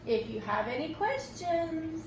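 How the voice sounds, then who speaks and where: A high-voiced woman teaches reading at an unhurried pace, pausing often to ask "okay?". Her voice sounds set back from the microphone in a room with noticeable echo. A faint background hum sits under her speech. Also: sing-song. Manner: slow and patient, checks in with "okay?". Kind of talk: recorded phonics tutorial. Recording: echoey room, mic at a distance.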